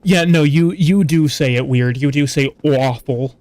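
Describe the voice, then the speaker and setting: A man with a fairly high, slightly mellow voice speaks a little slowly, with no echo, while streaming a video game. His casual commentary rambles as he pokes fun at himself and chats with viewers in the stream chat.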